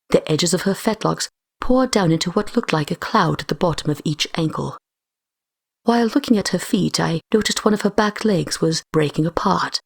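A woman narrating a first-person fan story in a steady storytelling manner. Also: fairly low pitch, creaky, husky, no room sound, clean studio sound. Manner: steady storytelling, raising her voice for shouted lines. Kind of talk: first-person fiction reading.

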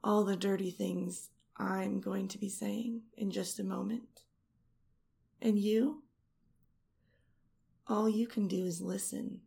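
A woman's voice: mid-range voice, steady tone, slow pace, gravelly, long pauses, mellow, husky. A woman performing an intimate erotic audio role-play into a close microphone, teasing and seductive, sometimes dropping to a whisper. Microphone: close studio mic.

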